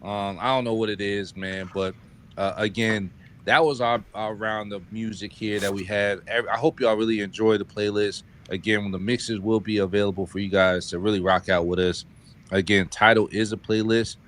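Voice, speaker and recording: A man co-hosting a casual podcast, relaxed and loose, laughing easily with his friends. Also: lowish voice, normal speed, a little hiss or hum. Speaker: podcast co-host.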